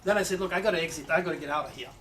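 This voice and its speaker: A man telling a personal story in an animated way, with halting restarts. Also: on the high side, distant mic, slight background noise, low-quality recording. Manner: animated, acts out quoted voices, halting restarts. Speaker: astrologer telling his own story.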